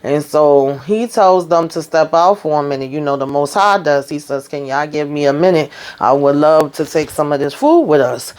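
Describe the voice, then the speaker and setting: A woman hosting a casual TV episode recap, retelling scenes in a chatty, slangy way with lively asides. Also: sits low, normal speed, few pauses. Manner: animated retelling, slangy asides, acts out characters' quotes. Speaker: TV show recap host.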